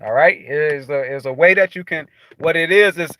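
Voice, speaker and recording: A man's voice: fairly high pitch, brisk. A man speaking casually to viewers in a rambling, profane monologue, full of restarts. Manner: rambling, profane, animated storytelling with frequent restarts. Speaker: spiritual vlogger.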